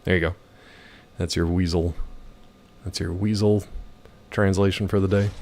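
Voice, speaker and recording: Hoarse guy rambling and cracking jokes over gameplay, kinda low and gravelly. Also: steady tone, moderate pace, pauses often, darkish tone. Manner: joking, rambling, chats with viewers. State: hoarse from yelling. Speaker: gaming streamer. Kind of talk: casual gameplay commentary.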